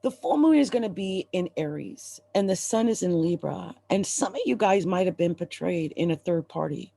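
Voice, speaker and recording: A woman's voice: fairly low pitch, animated, normal speed, vocal fry, mellow, no echo. A woman reading tarot cards on a live stream. She talks to viewers in an emphatic, urgent, encouraging way and is at times close to tears. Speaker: astrologer and tarot reader.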